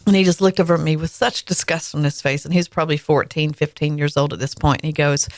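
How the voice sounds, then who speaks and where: Woman in her 40s hosting a podcast, low voice, candid, dry close sound. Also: steady tone, fast talker, no room sound. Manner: candid, storytelling, frequent fillers. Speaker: podcast host. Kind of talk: casual conversation.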